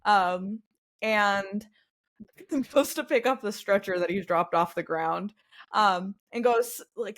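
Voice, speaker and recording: A woman's voice: medium pitch, takes it slowly, fairly bright tone. Rambling young woman game master. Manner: rambling, filler-heavy, giggly. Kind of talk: narrating a tabletop game.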